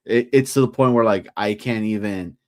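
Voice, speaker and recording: A man tells a rambling, profane story in a laid-back way, co-hosting a podcast. His voice sits somewhat low, and the recording is dry with no room sound. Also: moderate pace, darkish tone, no room sound. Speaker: podcast co-host. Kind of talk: casual chat.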